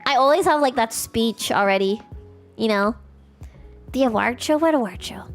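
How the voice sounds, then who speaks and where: A young woman, chatting casually with her stream viewers and acting out little scenes in an animated, giggly way. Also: sits high, fairly quick, soft background music. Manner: animated, giggly, acts out polite strangers and sings snatches of songs. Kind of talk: casual chat with livestream viewers.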